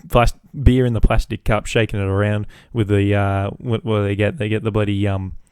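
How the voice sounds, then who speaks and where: A man's voice: fairly low pitch, flat delivery, brisk, darkish tone, smooth, no room sound, clean studio sound. A young Australian man hosting a solo podcast, rambling casually and swearing freely. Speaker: podcast host.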